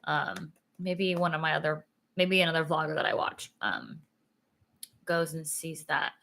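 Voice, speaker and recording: Sitting low and moving a little slowly, this young woman's voice is gravelly and bright, with a forceful edge. Sleepy and yawning, she rambles through a casual sit-down vlog, peppered with "like" and "um."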